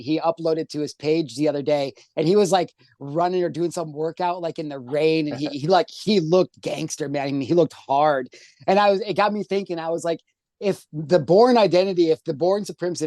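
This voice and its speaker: A man's voice: a little high, a little fast, a little mellow, no room sound, studio quality. A man who is a guest on a podcast and a coach, talking with energy and enthusiasm and calling people bro and dude. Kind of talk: casual podcast chat.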